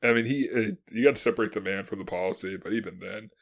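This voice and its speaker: His voice is fairly low and creaky as this male co-host talks history in a relaxed, animated way, voicing historical figures in brief asides and breaking into frequent laughter.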